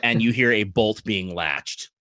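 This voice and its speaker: A man's voice: fairly low pitch, unhurried, bright, forceful tone, dry recording, clean studio sound. A man running a tabletop game as game master, playful and teasing with his players.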